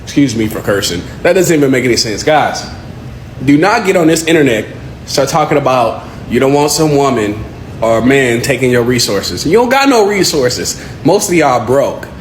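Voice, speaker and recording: A man's voice: mid-range voice, big pitch swings, moderate pace, slight background noise. A man ranting casually in reaction to a clip, mocking and exasperated. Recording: echoey room.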